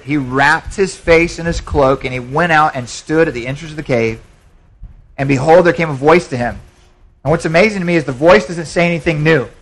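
A man's voice: fairly high pitch, fairly bright tone, poor audio. A man pastor preaching a sermon in a church, conversational, with frequent repetitions and restarts.

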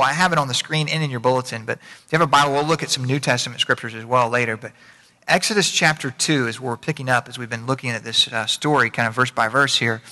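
A man's voice: medium pitch, sharp tone, in a large hall. A man preaching a casual, conversational sermon as pastor, with a folksy habit of repeating phrases. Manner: folksy, repeats phrases, speeds up and slows down for emphasis. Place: church sanctuary.

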